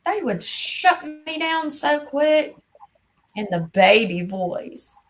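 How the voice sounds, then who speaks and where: A woman's voice: high-pitched, sing-song, slow pace, slight background noise, rough recording. A woman in her fifties hosting a casual livestream chat, talking bluntly and scolding emphatically. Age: 50s. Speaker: livestream host.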